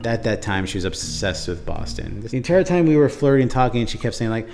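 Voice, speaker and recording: A man's voice: fairly low pitch, sing-song, a little fast, gravelly, few pauses, a little mellow, faint music behind. A young man telling a story in a laid-back way, full of "like" and "you know", as an interviewee. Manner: laid-back, filler-heavy, says "dude" and "like". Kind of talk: casual storytelling.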